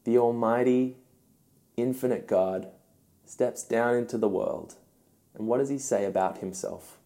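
A young man, a youth pastor, giving an earnest devotional teaching talk with gentle, emphatic pauses. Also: mid-range voice, creaky.

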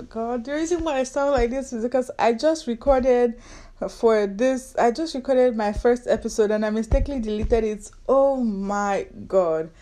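A woman's voice: on the high side, moderate pace, mellow. A woman in her twenties with a Nigerian accent, hosting her own podcast in a casual, sarcastic, bantering way. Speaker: podcast host. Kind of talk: casual solo podcast chat.

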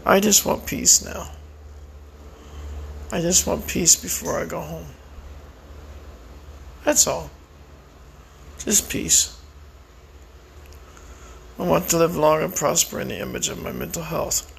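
A tired, weak-sounding man speaking slowly and reflectively in a personal monologue to the camera. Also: fairly high pitch, vocal fry, a bit bright, slight background noise, low-quality recording. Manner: slow, reflective, prayerful. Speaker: vlogger.

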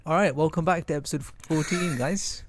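A man's voice: fairly high pitch, normal speed, slight background noise. A young man, co-hosting a podcast in jokey banter and often cutting in. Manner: jokey, interrupts with repeated "hold on". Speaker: podcast co-host. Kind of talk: casual banter.

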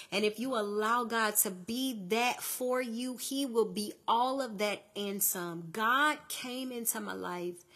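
Bright, husky woman preaching on a podcast. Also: a little high. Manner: conversational and preachy, calls listeners "listen" and "honey". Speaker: podcast host. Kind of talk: faith-based podcast monologue.

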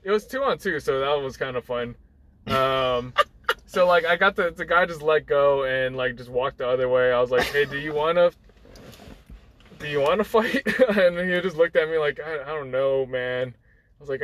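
The recording is rough, and the man's mid-range voice is a bit bright at a moderate pace. He's a young guest storyteller rambling through a personal anecdote in casual chat, with lots of fillers and restarts and acted-out quotes.

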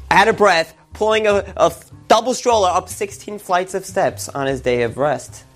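A man with an ordinary mid-range voice tells a story and draws a religious lesson from it. He stresses key words with lifts in pitch and keeps the telling lively. Faint music plays softly behind him. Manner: animated, rising emphasis on key words.

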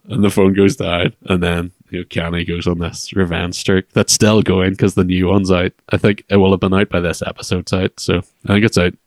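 A man with a very low, gravelly voice rambles his way through a casual podcast chat, circling back on himself with fillers and false starts. The sound is dry and close to the mic. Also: flat delivery, moderate pace, hardly any pauses, no echo. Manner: rambling, many fillers and restarts. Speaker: podcast co-host.

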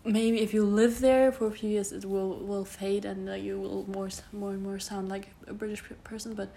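Young woman, German accent, solo podcast host, monotone, rambling with fillers, faint background noise. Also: mid-range voice, moderate pace, gravelly. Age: around 20. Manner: rambling, self-correcting, many fillers. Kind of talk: casual solo podcast monologue.

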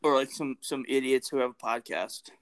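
A man's voice: mid-range voice, fairly even intonation, a little fast, fairly bright tone, smooth. A young man co-hosting a podcast who laughs at his own jokes and riffs in casual banter with friends. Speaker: podcast co-host.

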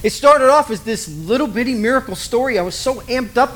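A man preaching a sermon, animated and self-deprecating, acting out the voices he quotes. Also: very high-pitched, quick pace, hardly any pauses. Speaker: pastor.

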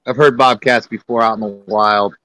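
A man's voice: on the low side, steady tone, moderate pace, pushed and bright, dry recording, low-quality recording. A man who hunts, giving plainspoken short answers over a live audio link. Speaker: hunter on the team.

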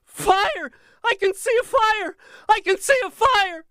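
A man's voice: lively intonation, slow pace, pushed and bright, dry recording, studio quality, full character voice. A man voicing a frantic woman who screams, half mad, about a fire she sees. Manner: shrill, frantic shrieking.

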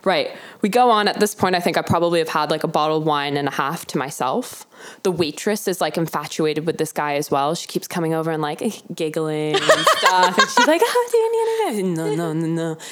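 A woman's voice: low voice, a little fast. A young woman with a Southern American accent, co-hosting a casual chat and telling stories with lots of laughter. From Southern United States. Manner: animated storytelling, laughs often, acts out quoted voices. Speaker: podcast co-host.

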